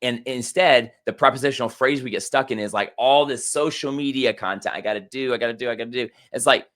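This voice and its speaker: A middle-aged man co-hosting a podcast, telling stories in a rambling, animated way with many restarts. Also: mid-range voice. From Germany. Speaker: podcast co-host. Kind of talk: casual conversational podcast.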